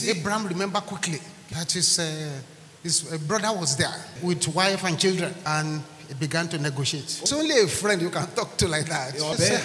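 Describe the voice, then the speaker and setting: A man's voice: fairly high pitch, moderate pace, fairly bright tone. A man preaching a sermon as pastor, acting out dialogue and breaking into song. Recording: echoey hall with music behind.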